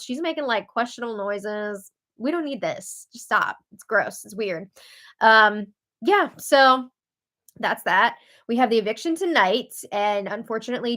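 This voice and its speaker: A woman's voice: a little high, a bit bright. Chatty woman recapping reality TV. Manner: chatty and opinionated, reads quotes aloud. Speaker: recap show host.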